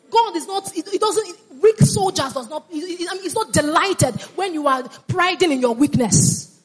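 A woman's voice: very high-pitched, expressive, moderate pace. A woman preaching a sermon with fervor, repeating phrases and calling on the congregation to answer back. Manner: fervent, repeats phrases, calls on congregation to respond.

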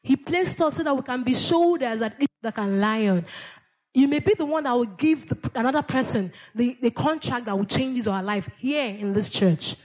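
A woman's voice: fairly high pitch, lively intonation, moderate pace, a little mellow, muffled recording. Woman preaching a call-and-response sermon. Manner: call-and-response preaching, repeats key words, frequent amens. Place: church.

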